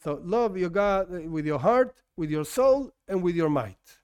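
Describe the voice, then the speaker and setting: A man's voice: sits high, lively intonation, a little slow, darkish tone, smooth. A man whose first language is not English, teaching an informal Torah lesson in a conversational way that corrects itself as he goes and asks and answers his own questions.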